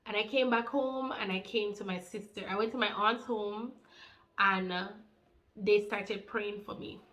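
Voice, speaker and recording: Jamaican woman in her thirties, medium pitch, animated testimony storyteller who drops into patois. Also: measured pace. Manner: animated, heartfelt, mixes in patois. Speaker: faith channel co-host.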